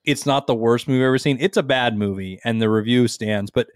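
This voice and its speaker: Podcast co-host, man in his thirties, crude and animated, mid-pitched, dry close mic. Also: fast talker, no echo. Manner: crude, joking, animated storytelling. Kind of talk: casual podcast chat.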